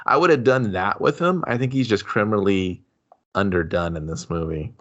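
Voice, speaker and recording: A man's voice: fairly low pitch, normal speed. A man co-hosting a podcast, joking and riffing on scene ideas in casual movie chat. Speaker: podcast co-host. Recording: dull lo-fi sound.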